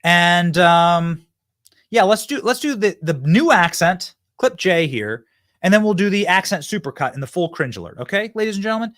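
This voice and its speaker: With a high, animated, somewhat bright voice at a moderate pace, this man hosts a political commentary show. He speaks directly to viewers in a fired-up, emphatic monologue full of repetition, recorded at studio quality with no echo.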